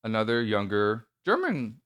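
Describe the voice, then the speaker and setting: A man's voice: on the low side, huge pitch swings, moderate pace, fairly bright tone, clean tone, dry recording, studio quality. A male podcast host telling a story in casual chat, nervous and rambling, with many restarts and a voice that cracks.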